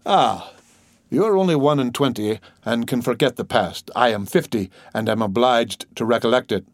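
Reader doing a wheedling ex-convict of fifty, raised pitch, sly, dry booth. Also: male voice, moderate pace, dry recording, lightly acted. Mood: scheming. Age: 50s. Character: cunning, greedy 50-year-old ex-convict man.

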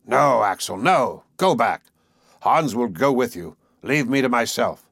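A man's voice: mid-range voice, expressive, measured pace, gravelly, slightly rough, no echo, studio quality, full character voice. A man reading as a stubborn, commanding old professor. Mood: stern. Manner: forceful, resolute declarations. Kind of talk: audiobook character reading.

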